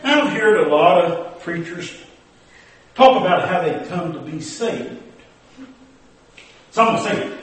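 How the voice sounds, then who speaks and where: A man's voice: high-pitched, unhurried, long pauses, fairly bright tone. A man delivering a comic preaching monologue as a folksy, drawling preacher character. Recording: echoey hall, distant mic.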